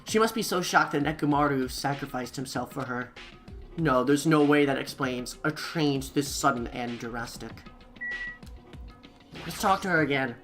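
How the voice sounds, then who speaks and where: A woman's voice: a bass voice, moderate pace, soft background music. A woman playing through a visual novel, reading its dialogue aloud in playful voices and chatting between lines. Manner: playful, laughs often, comments between lines. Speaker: let's player voicing game characters.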